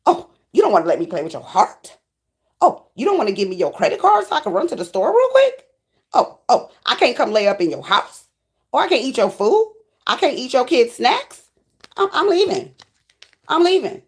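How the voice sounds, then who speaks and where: Woman putting on a high whiny ex-lover. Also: huge pitch swings, normal speed. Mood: mocking. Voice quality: high wheedling begging voice. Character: whiny pleading deceitful ex-lover.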